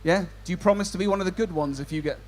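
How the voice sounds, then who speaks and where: A man's voice: high voice, very fast, a little mellow, a little hiss or hum. A man compering a stand-up comedy show, doing cheeky banter with the audience. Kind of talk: crowd work stand-up.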